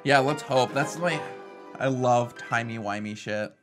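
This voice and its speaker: A young man co-hosting a reaction channel, chatting casually and excitedly in quick bursts. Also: mid-range voice, soft background music.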